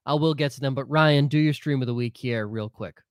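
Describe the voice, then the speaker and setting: A man's voice: mid-range voice, fairly quick, clear, resonant tone, no room sound. A man co-hosting a sports podcast with a stuffy, congested voice. He talks bluntly and swears freely. The recording is dry and close, with no room sound. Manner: blunt and profane, runs the listener questions. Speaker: podcast co-host.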